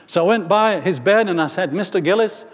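A man's voice: high voice, expressive, fairly quick, in a large hall. A man preaching a sermon, telling a personal story and rising to emphatic preaching.

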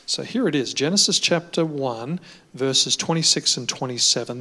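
Brief: male Bible study teacher, bright forward tone, measured with fillers, long hall reverb. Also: mid-range voice. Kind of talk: Bible lesson discussion.

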